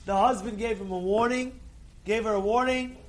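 A man giving an informal Torah class to a group, animated and repetitive, swinging from quiet asides to shouted urging and scattering Hebrew blessings through his talk. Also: high voice, moderate pace. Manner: peppers speech with Hebrew blessings.

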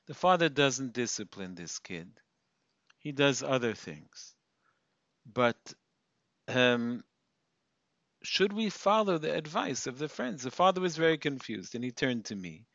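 Bright-voiced man giving a rhetorical lecture. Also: fairly high pitch, no echo, dull audio. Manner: rhetorical questions and Yiddish terms. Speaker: lecturer on Jewish topics. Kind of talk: spoken Torah lecture.

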